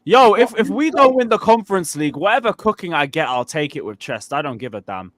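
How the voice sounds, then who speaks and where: A man's voice: fairly high pitch, sing-song, fairly quick, fairly bright tone, dry recording, studio quality. A man in casual fan chat on a panel, laid-back and teasing.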